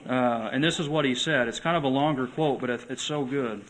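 Guy preaching a sunday sermon in church, earnest, mid-pitched voice, slows way down for scripture. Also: fairly bright tone, a little hiss or hum, low-quality recording. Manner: earnest, slows and swells when reading scripture. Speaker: pastor. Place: church sanctuary.

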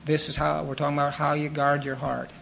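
A man preaching a sermon in an earnest, measured teaching manner, pausing with fillers and restarting phrases. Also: fairly high pitch, flat delivery, creaky, a bit bright, a little hiss or hum, low-quality recording.

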